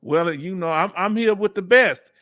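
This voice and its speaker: A middle-aged man hosting a live chat, reading comments aloud and talking warmly and emotionally in casual vernacular. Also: sits high, moderate pace, no room sound, soft background music. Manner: warm, emotional, talkative, Southern US vernacular. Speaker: livestream host.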